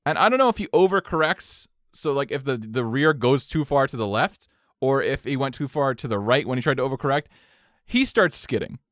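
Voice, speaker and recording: A man's voice: mid-range voice, expressive, a little fast, fairly bright tone, dry recording, studio quality. A young man co-hosting a podcast, telling a story in casual chat with swings of energy and a lot of swearing. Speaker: podcast co-host.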